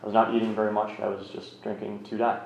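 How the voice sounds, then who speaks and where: A man in his thirties with a fairly low voice tells his story frankly, rambling along and poking fun at himself. The sound is roomy and a little muffled, with faint background noise. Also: completely flat delivery, fast talker, creaky, darkish tone. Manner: rambling, frank, self-mocking. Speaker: speaker sharing a recovery story. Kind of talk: candid personal storytelling. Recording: roomy, slightly muffled recording.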